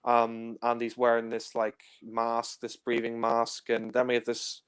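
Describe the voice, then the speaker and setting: A man's voice: mid-range voice, monotone, unhurried, fairly bright tone, clear, resonant tone. A young man, reviewing films in casual chat, full of fillers and playful retellings. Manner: chatty, many fillers, acts out scenes in silly voices. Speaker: film reviewer. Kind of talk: casual film discussion.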